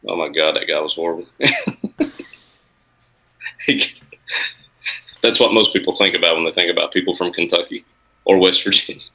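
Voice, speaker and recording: Deep-voiced Appalachian man, bright tone. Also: steady tone, normal speed, pauses often, poor audio. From Southern United States. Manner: self-deprecating, laughs often. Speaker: guest author. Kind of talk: casual podcast chat.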